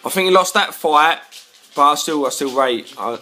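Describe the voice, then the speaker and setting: A man's voice: on the high side, moderate pace, sharp tone. A tipsy man, rambling to camera in a casual rant, stumbling over repeated words and swearing when riled. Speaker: vlogger.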